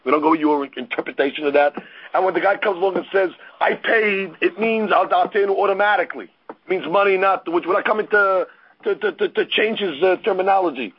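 A man giving a Talmud study lecture, reading Aramaic lines and explaining them in English with animated storytelling and frequent restarts. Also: sits high, fast talker, breathy edge, highs cut off. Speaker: Talmud teacher.

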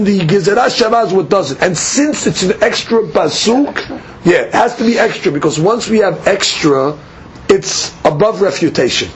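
Man, high-pitched voice, teacher, lecture, asks and answers own questions, faint background noise. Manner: explanatory, poses and answers his own questions. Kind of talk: study class lecture.

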